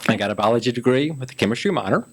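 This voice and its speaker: A man's voice: medium pitch, expressive, racing, breathy edge. A man in his fifties from Memphis, Tennessee, a city council candidate telling his life story in a folksy, chatty way during an interview. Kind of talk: casual interview chat.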